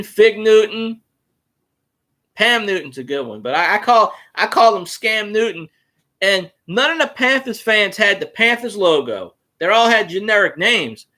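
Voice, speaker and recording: A high-voiced man rants through a casual solo stream, his pitch swinging widely as he swears his way through rambling stories. His tone is bright and sharp. He talks like a loud, opinionated fan holding court. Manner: profane, rambling, animated storytelling. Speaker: fan show host. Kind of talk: casual solo livestream chat.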